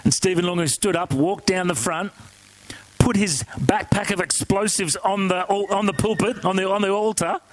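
Man, preacher, high voice, dry close sound, animated storytelling. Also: moderate pace, no echo, rough recording. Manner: animated, conversational, asks the congregation questions. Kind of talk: sermon storytelling.

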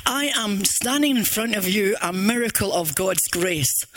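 A woman's voice: medium pitch, lively intonation, measured pace, no room sound. An older woman with a Scottish accent giving an earnest, rambling church testimony with many restarts. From Scotland.

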